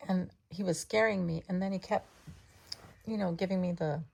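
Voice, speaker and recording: A woman with a low, gravelly, husky voice rambles through a personal story as though chatting with her pet. Her tone is dark and mellow. She jumps between thoughts, restarts sentences, and now and then lowers her voice to a confiding hush. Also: steady tone, normal speed. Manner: chatty and meandering, with restarts and hushed asides. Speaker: vlogger talking to her cat.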